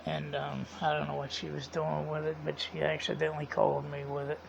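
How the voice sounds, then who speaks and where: A man with a strongly gravelly, rough voice that sits a little high for a man. He tells a story casually and rambles, retelling each conversation line by line with "I said" and "he said". The sound is dull and lo-fi. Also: monotone, a little fast, background noise. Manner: rambling, repeats quoted dialogue with "I said" and "he said". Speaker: vlogger.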